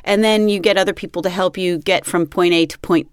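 A woman's voice: on the low side, steady tone, brisk, clear, resonant tone, no room sound, clean studio sound. A woman hosting an interview, conversational and reflective, affirming her guest. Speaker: interview host. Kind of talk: casual interview chat.

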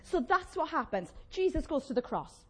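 A woman preaching a sermon, animated and conversational, with playful asides to the congregation. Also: high voice, normal speed.

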